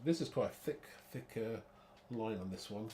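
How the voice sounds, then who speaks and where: A man's voice: fairly low pitch, normal speed, mellow, slight background noise. A man hosting a live card-making demo, chatty and rambling, thinking aloud and laughing at his own muddles.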